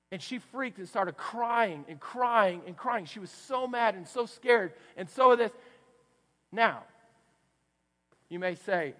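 A man with a Texan accent preaching a sermon, swinging from hushed, low passages up to loud, emphatic ones. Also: expressive, slow pace, pauses often. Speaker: pastor. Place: church sanctuary. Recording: long hall reverb.

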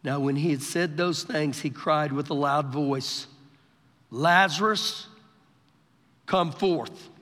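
A male pastor delivering a live sermon, his voice pitched high and ringing bright. He talks in an animated way, acting out scripture quotes with shifting voices. The recording carries a long reverb from the church hall. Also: slow pace, long pauses. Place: church sanctuary during a service.

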